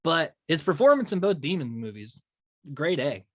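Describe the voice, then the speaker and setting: A man's voice: a little high, sing-song, normal speed, dry recording, studio quality. A man co-hosting a podcast, chatting casually about a horror film, laughing often and restarting his sentences. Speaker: podcast co-host. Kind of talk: casual movie review chat.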